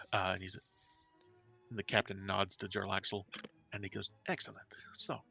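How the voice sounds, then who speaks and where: Gravelly-voiced man running a tabletop game. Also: low-pitched, monotone, pushed and bright, soft background music. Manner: halting, filler-heavy narration. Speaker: game master.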